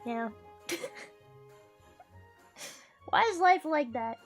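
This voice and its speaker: A woman's voice: high-pitched, animated, extremely slow, over music. A woman streaming a game, chatting casually, swearing freely and laughing often. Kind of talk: casual gaming stream chat.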